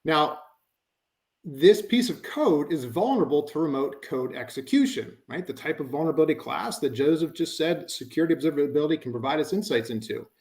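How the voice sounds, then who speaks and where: A man's voice: fairly high pitch, expressive, a little fast, a little mellow. A man giving a conversational webinar presentation, explaining with frequent fillers like "you know" and "um.".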